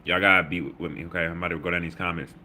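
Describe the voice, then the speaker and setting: Low, bright-voiced man. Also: fairly even intonation, racing, slight background noise. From Baltimore. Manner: loose, slangy, reads chat comments aloud with shout-outs. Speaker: livestream host. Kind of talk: casual livestream chat.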